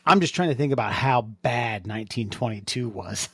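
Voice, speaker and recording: A man co-hosting a comedy podcast, rambling through stories with many restarts, dark jokes and some swearing. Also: mid-range voice, lively intonation, normal speed, husky, dry recording. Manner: rambling, restarts a lot, dark humor, profane. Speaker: podcast co-host. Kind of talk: casual comedic chat.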